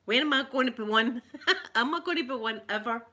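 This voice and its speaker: Speaking a little fast in a high, sharp, animated voice, a middle-aged woman from Scotland greets her live viewers by name. She runs an ASMR livestream, keeping the chat casual and laughing frequently.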